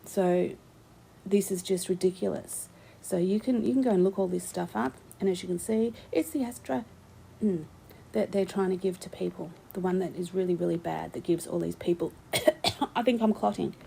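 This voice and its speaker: A low-voiced woman with a gravelly, fry-heavy edge talks casually through a vlog. Her tone is mellow and dark, and she rambles with opinions and plenty of ums. A faint hiss sits under the recording. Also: normal speed, poor audio. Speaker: vlogger. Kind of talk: casual screen-share commentary.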